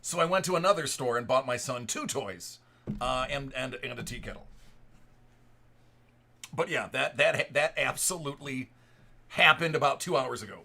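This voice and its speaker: A man's voice: medium pitch, moderate pace, long pauses, bright, forceful tone. A man in his thirties, a live stream host, telling a story to his chat in a rambling way with many restarts. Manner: rambling, restarts and repeated words.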